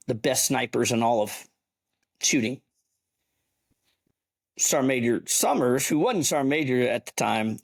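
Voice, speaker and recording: A middle-aged man, an army veteran telling a story as a podcast guest in an animated, profane way. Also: medium pitch, vocal fry. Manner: animated, profane yarn-spinner. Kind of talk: casual storytelling.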